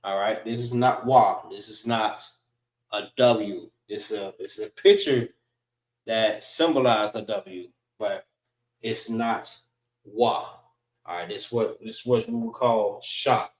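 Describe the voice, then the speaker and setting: Male class instructor, slow and deliberate, drilling letter sounds; echoey classroom. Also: fairly low pitch. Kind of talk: teaching a Hebrew alphabet class.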